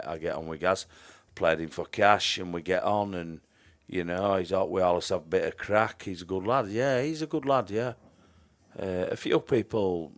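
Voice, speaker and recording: A man giving chatty live-stream commentary on a pool match, greeting viewers by name and trailing off into mumbled asides. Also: deep voice.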